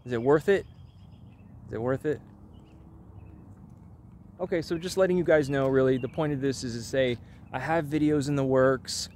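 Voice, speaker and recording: A man's voice: medium pitch, darkish tone, slight background noise. Rambling wry man vlogging. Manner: rambling, wry, offhand asides. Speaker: channel host. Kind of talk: casual vlog chat.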